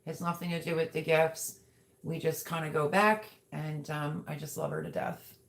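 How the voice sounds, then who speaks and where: A woman with a slightly low voice chatting on her own livestream. She gushes warmly and talks to viewers as she reads their comments aloud. Her delivery is loose and conversational. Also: flat delivery, moderate pace. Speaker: livestream host. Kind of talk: casual livestream chat.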